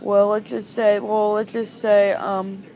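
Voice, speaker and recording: A woman giving an informal online language lesson, hesitant with frequent ums and restarts, slowing down to pronounce example phrases. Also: mid-range voice, little pitch movement, warm tone, a little hiss or hum. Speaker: language tutor.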